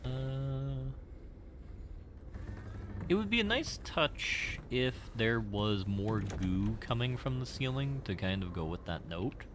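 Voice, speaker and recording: A man's voice: mid-range voice, very animated, slow, background noise. A man streaming a game, giving casual commentary in a wry, rambling way.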